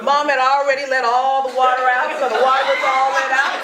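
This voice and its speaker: A woman's voice: high-pitched, level tone, a little fast. A woman giving a birthday toast at a family party, telling a story animatedly and acting out the voices she quotes, with frequent laughter. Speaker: daughter giving a birthday speech. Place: party hall. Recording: echoey hall with crowd.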